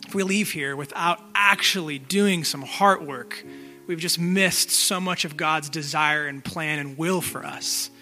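Casual high-voiced preacher over soft guitar. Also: male voice. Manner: conversational, direct, asks questions, pauses to let listeners think. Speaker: pastor. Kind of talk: sermon.

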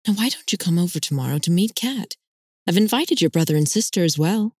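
A woman voicing a calm, firm middle-aged mother who speaks in a measured, scolding way. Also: on the low side, slightly rough, dry recording, studio quality.

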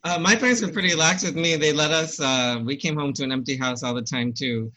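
Self-deprecating guy in his 40s, bright slightly high voice, casual podcast chat. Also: a little fast, rough recording. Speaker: podcast co-host. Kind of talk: casual book club chat.

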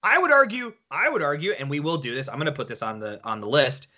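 Animated, incredulous young man. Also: a little high, fast, lo-fi sound. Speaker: co-host. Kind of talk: casual podcast debate.

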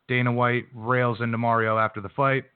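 Brash sports radio host on a phone line. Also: male voice, medium pitch, level tone, a little fast, clear, resonant tone, no room sound. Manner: casual, brash sports-talk delivery. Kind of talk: sports news recap and interview. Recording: dry phone-quality line.

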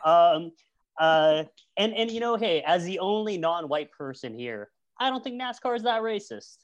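Man roasting an argument, slightly high. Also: animated, highs cut off. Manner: teasing, mock-insulting, halting. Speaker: guest director. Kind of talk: casual debate chat. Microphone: home mic on a video call.

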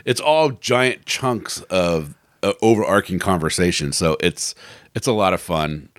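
Low-voiced, rambling podcast host man. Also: lively intonation, unhurried, a bit bright, no room sound, studio quality. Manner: rambling, laughs often, restarts. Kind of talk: casual podcast chat.

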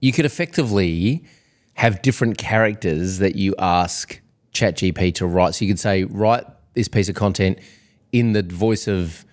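A man's voice: deep voice, normal speed, darkish tone. A man hosting a podcast, summing up and restating his guest's points in casual chat. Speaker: podcast host.

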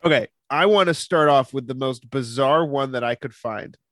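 A man's voice: medium pitch, moderate pace, fairly bright tone, dry recording, clean studio sound. A man co-hosting a podcast in casual chat, playful and laughing often as he builds up a story. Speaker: podcast co-host.

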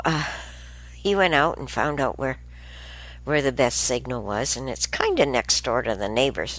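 A woman's voice: a bass voice, fairly bright tone, no room sound. A woman hosting a show, telling a rambling everyday story in a chatty, casual way. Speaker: show host. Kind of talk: casual monologue.

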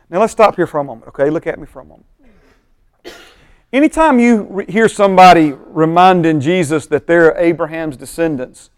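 A high-voiced male pastor leads a Bible study class with animated energy, often pausing to ask his listeners if they follow. The sound is close and dry, with no room echo. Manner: animated, keeps checking in with the class.

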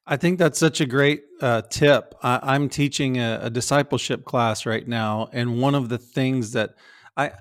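A man's voice: mid-range voice, steady tone, measured pace. Earnest man teaching on a podcast. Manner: earnest, stumbles and restarts, playful teasing. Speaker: pastor and podcast co-host. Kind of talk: casual chat.

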